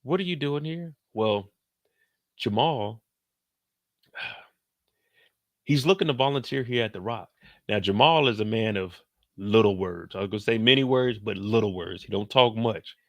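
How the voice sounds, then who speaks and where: Bright-voiced man telling a slangy recap. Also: lowish voice, no echo. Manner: slangy, animated, quotes characters in put-on voices; talks slower than in his live streams. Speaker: show recap host. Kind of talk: casual TV recap storytelling.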